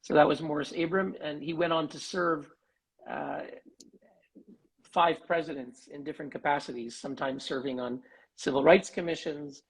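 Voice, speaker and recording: A man giving an articulate, measured interview as a human rights advocate over a video call. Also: on the high side, fairly even intonation, husky, rough recording. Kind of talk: live online interview.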